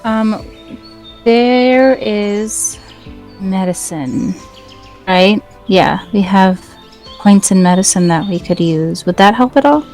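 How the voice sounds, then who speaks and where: A woman player in a tabletop game, talking through her character's actions in a quick, practical way. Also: medium pitch, a little mellow, faint music behind. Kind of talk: casual tabletop play.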